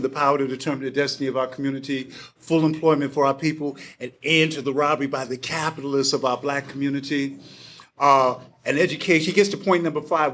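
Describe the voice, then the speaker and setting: An older man in his sixties tells a lively personal story to a packed room. He slips into other people's voices as he goes and swears without fuss. His voice sits a little high for a man. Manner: animated storyteller who acts out voices and swears casually. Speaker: panel speaker. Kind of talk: storytelling talk to a live audience. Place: packed bar event space.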